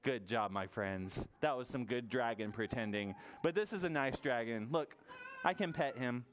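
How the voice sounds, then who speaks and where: A man leading a toddler story time at a library, animated and sing-song as he encourages the children. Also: mid-range voice, moderate pace, a little hiss or hum. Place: public library room.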